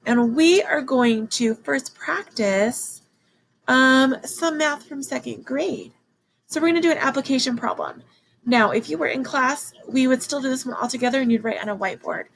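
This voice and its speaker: A woman teaching a children's math lesson, excited and encouraging as she counts along with her class. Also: sits high, moderate pace, gravelly, a little hiss or hum, rough recording.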